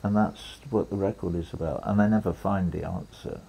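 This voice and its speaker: A man's voice: low-pitched, fairly even intonation, fairly quick, gravelly, warm tone, husky, low-quality recording. An older man, telling a long story as an interview guest, rambling with restarts and quoted lines. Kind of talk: relaxed storytelling conversation.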